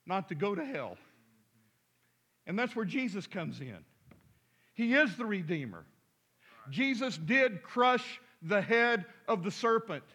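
A man's voice: fairly high pitch, slightly rough. A male pastor preaching an impassioned, urgent sermon, often repeating words as he presses his point.

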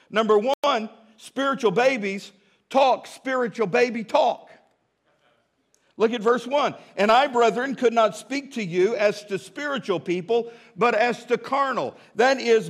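A man, preaching a sermon in a folksy, humorous way, often restarting his sentences and dropping to a quiet voice for asides. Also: very high-pitched. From American South. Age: 50s. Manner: drops to a quiet, intimate tone for asides. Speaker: pastor.

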